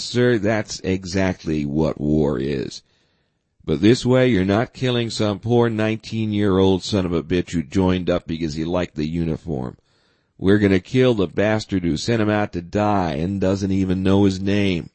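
A man reading the lines of a blunt, forceful middle-aged navy admiral in an audiobook. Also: sits low, unhurried, no room sound.

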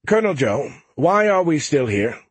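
A man's voice: fairly high pitch, very animated, normal speed, breathy edge, no room sound, voice pushed up. A man voicing a male starship AI in an audiobook, giving matter-of-fact reports in a raised voice. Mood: puzzled. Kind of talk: audiobook character voice.

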